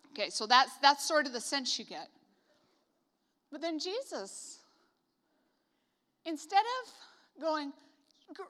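A woman from Canada preaches a casual sermon, and her fairly high voice comes out bright. She talks in a chatty way with joking asides and plenty of "like". The sound carries a long echo of a large hall. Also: expressive, moderate pace. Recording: reverberant hall.

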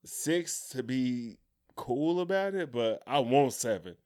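A man's voice: medium pitch, slow. A podcast co-host talking basketball with a friend, a man whose voice swings up and down as he acts out what others said. He curses freely, laughs often and keeps it loose. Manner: animated, profane, laughs often, acts out quotes. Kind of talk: casual sports chat.

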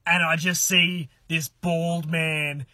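A young man, telling a funny story in casual podcast chat. He is animated, laughs often and swears freely. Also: a little high, takes it slowly, dry recording.

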